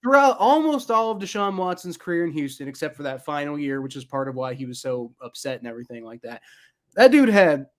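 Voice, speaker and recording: A man chatting casually on a sports podcast, his voice sitting a little high. He rambles, circling back with fillers and restarts as he builds his point. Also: sing-song, fairly quick. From Ohio. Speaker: podcast co-host.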